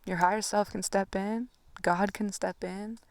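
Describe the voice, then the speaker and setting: A woman's voice: medium pitch, fairly even intonation, unhurried, dry recording. A woman coaching on anxiety in a loose, casual monologue, full of swearing and fillers. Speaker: spiritual coach.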